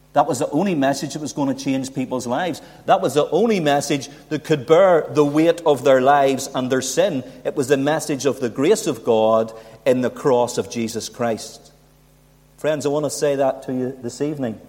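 A man's voice: medium pitch, moderate pace, darkish tone. A man preaching a sermon, building emphasis and asking rhetorical questions. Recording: long hall reverb.

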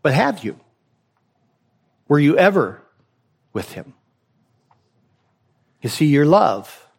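A man's voice: fairly high pitch, very animated, takes it slowly, vocal fry, darkish tone, slightly rough. A man preaching a sermon to his congregation, pressing his point with rhetorical questions and repeated phrases. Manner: exhorting, rhetorical questions, repetition for emphasis. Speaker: pastor.

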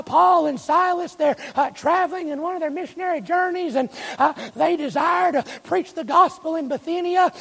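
A man delivers a sermon with a gravelly edge to his voice. He is emphatic, keeps asking the congregation questions, and drags out the words he wants to land. The sound rings with the long echo of a church hall. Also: very high-pitched. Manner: slows and stretches key phrases. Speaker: preacher. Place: church sanctuary.

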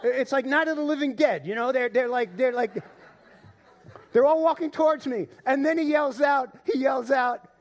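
A male pastor preaching a sermon, swinging between loud excitement and quiet low emphasis, often repeating words as he builds a point. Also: normal speed.

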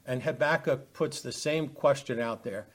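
A man teaching a Bible study, halting often with fillers and restarts as he reads and explains verses. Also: medium pitch, husky. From United States.

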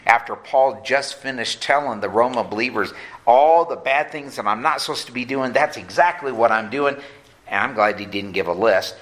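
Pastor guy preaching, bright sharp voice, earnest, drags words out to hit a point. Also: on the low side. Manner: earnest preaching, slows down for emphasis, acts out quoted voices. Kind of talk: sermon.

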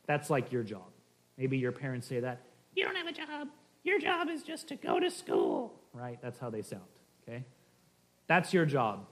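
A man giving a casual, conversational Sunday school lesson with frequent ums and playful asides. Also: on the high side. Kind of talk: casual church teaching. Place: church classroom.

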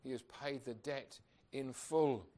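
A man's voice: medium pitch, takes it slowly, dark tone. A man preaching a sermon, earnest and emphatic, asking rhetorical questions of his congregation.

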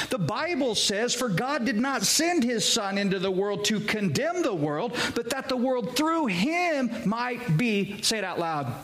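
A male pastor preaching with a high voice. He talks slowly and earnestly, throws rhetorical questions at his congregation and leans on phrases for emphasis. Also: big pitch swings, fairly bright tone. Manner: earnest, addresses listeners as guys, asks rhetorical questions. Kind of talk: sermon.

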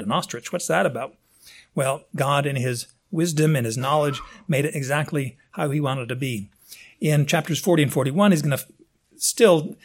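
Animated, rambling preacher man with a higher voice. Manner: conversational and digressive, with frequent restarts and asides; animated, with big swings in pitch for emphasis. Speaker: pastor. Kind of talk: sermon.

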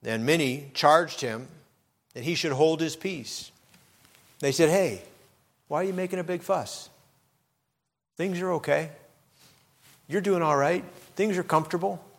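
A man's voice: fairly high pitch, unhurried, creaky, long pauses. Impassioned preaching man. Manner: preacherly, rises to loud impassioned shouts when quoting. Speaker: pastor. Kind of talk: sermon.

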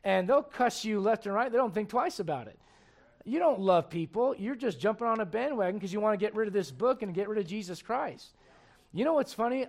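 A man's voice: high-pitched, expressive, a little fast, gravelly. A man preaching a sermon in an emphatic, conversational way, full of rhetorical questions.

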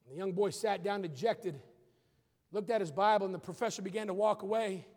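High-voiced man preaching in an echoing hall. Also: a little fast, a little mellow. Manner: preaching with rising emphatic outbursts. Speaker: pastor. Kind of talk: sermon.

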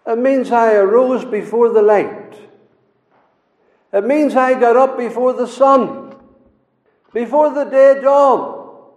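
A man preaching a sermon, earnest and repetitive, rising into pleading and dropping low for hymn lines. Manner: earnest, repeats phrases, swings from loud pleading to low near-sung hymn lines. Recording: echoey hall reverb.

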